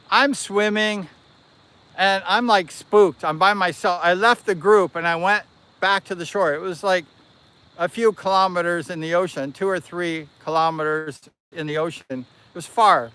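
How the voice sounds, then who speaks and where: A man hosting a livestream, casually telling a long personal story in an animated, rambling way and correcting himself as he goes. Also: high voice, measured pace, clean tone. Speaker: livestream host.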